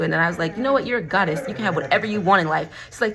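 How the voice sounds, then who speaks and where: A woman's voice: medium pitch, fast talker, few pauses, crowd noise. A woman from Florida chatting to camera at home, rambling and laughing often, saying y'all. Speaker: vlogger and crystal seller. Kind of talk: casual chat to camera.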